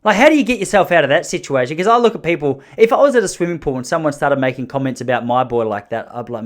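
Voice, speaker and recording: A man's voice: on the high side, expressive, quick pace, few pauses. A man in his thirties with an Australian accent, hosting a podcast and telling a story in a loose, self-mocking way, often correcting himself mid-sentence. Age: 30s. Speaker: podcast host. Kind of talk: casual storytelling monologue.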